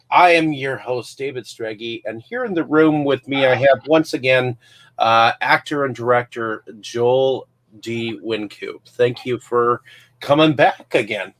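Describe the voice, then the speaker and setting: A man hosting an interview, asking questions in a halting way with many fillers. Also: mid-range voice, a bit bright. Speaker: host. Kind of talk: casual interview.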